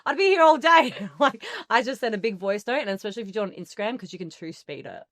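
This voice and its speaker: A woman's voice: fairly high pitch, lively intonation, quick pace, a bit bright, no echo, studio quality. A woman in her twenties from Australia, with an Australian accent, chatting as a guest and laughing often, her talk full of "like". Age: 20s. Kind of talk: casual chat.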